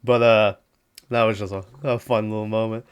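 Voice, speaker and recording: A man's voice: fairly low pitch, little pitch movement, normal speed, smooth. A man hosting a podcast, casually recapping a movie on his own, swearing freely and laughing often. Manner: loose, profane, laughs often, lots of fillers. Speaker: podcast host.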